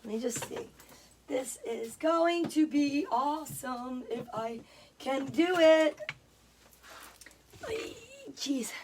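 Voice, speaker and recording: A woman's voice: high-pitched, slow, pauses often, a little mellow, slight background noise. A woman chatting casually on a livestream, greeting viewers by name and reading out their comments. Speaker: livestream host.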